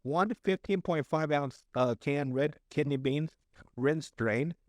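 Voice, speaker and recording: A man's voice: fairly high pitch, slow, a little mellow, no room sound, clean studio sound. A man co-hosting a podcast, reading recipes aloud in casual chat, stumbling over words and joking crudely. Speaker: podcast co-host.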